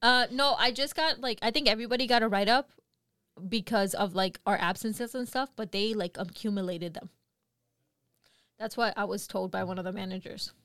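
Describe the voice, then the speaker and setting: A young woman co-hosting a podcast, telling work stories in casual chat, animated and laughing often. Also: medium pitch, moderate pace, smooth, dry recording, studio quality. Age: young adult. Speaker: podcast co-host.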